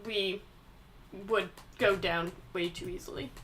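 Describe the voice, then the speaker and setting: A woman voicing a polite male adventurer leader in a tabletop game, speaking in a courteous, measured way. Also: medium pitch, steady tone, a bit bright, a little hiss or hum, pitched below the performer's own voice, lightly acted, rough recording.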